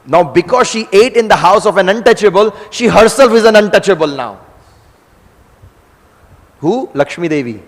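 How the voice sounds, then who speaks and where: A man telling a devotional story to an audience in a lively, conversational way. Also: high-pitched, moderate pace, pauses often. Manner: animated, conversational, acting out scenes. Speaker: storyteller at a religious discourse. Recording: long hall reverb.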